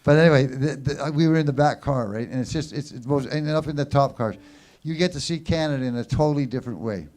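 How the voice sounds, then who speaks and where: On a small showroom stage, a man emcees an open mic, telling a rambling story before heartily introducing the next performer. His mid-range voice is fast with a darkish tone.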